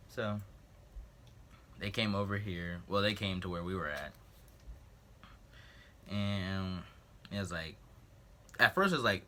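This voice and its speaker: Young male vlogger, low voice, lively storyteller, faint hiss behind. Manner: animated storytelling, acting out quotes. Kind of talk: casual storytime vlog.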